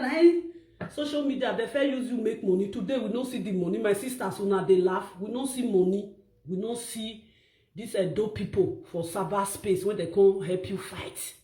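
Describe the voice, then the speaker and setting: High-voiced, animated Nigerian woman vlogger. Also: echoey room. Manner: animated, mocking, bursts of shouting. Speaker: vlogger commentator. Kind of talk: gossip commentary vlog.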